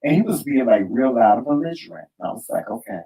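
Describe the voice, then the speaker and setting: A man co-hosting a casual talk show, telling stories in an animated, sassy way with lots of exclamations. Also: mid-range voice, fast, recorded from a distance. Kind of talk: casual chat. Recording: echoey room, voice from off mic.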